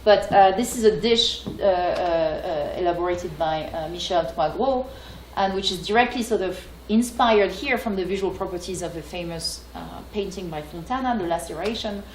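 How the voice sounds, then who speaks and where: A woman from France with a French accent, giving an academic lecture and pausing often with fillers and restarts. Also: lowish voice, reverberant, a little hiss or hum, rough recording. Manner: hesitant, many fillers and restarts.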